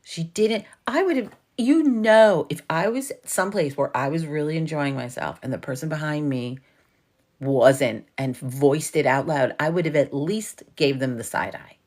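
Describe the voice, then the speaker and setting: A woman's voice: low-pitched, lively intonation, normal speed, darkish tone. A woman from New York with a New York accent, hosting a casual livestream chat and telling a story full of swearing and laughter. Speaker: livestream host.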